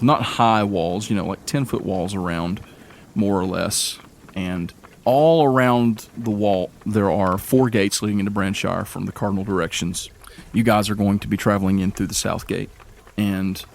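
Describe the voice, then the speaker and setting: A man narrating as game master of a tabletop game in a casual, rambling way. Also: on the low side. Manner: casual, rambling, many fillers.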